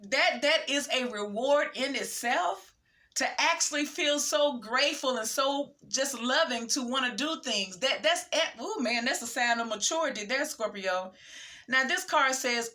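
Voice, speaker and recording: A woman's voice: high-pitched, lively intonation, unhurried, pushed and bright. A woman giving a casual tarot reading, reading card text aloud and reacting with emphatic slang. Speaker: tarot reader.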